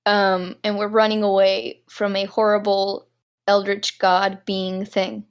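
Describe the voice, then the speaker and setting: A woman's voice: mid-range voice, monotone, slow, smooth, muffled recording. A woman co-hosting a casual movie podcast, teasing her co-host and setting up silly scenarios. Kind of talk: casual chat.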